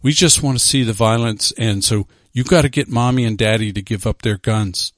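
A man voicing a sly male serpent tempter in whispered role-play, hissing and whispery, low and coaxing. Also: dry recording, clean studio sound, lightly acted.

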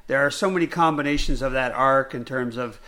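A man co-hosting a podcast in casual chat, animated and rambling, with many restarts and fillers. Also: mid-range voice, brisk. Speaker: podcast co-host.

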